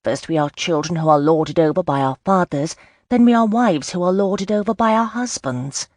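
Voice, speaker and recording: A woman's voice: lowish voice, normal speed, a little mellow, dry recording, clean studio sound, voice pushed up, natural voice. A woman doing an earnest young Regency bride. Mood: frustrated. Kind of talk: audiobook character voice.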